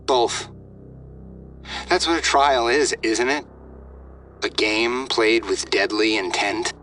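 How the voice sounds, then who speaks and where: A man's voice: medium pitch, takes it slowly, fairly bright tone, distant mic, soft background music. A man voicing an unhinged, sneering male hostage-taker who swings from sarcasm to screaming. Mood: mocking.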